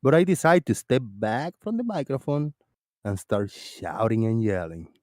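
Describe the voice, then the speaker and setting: A man hosting a casual voice-chat stream, talking loudly and laughing often, with plenty of swearing, close to his desk microphone. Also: on the low side, big pitch swings, normal speed, no room sound. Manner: loud, laughing, profane. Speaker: stream host.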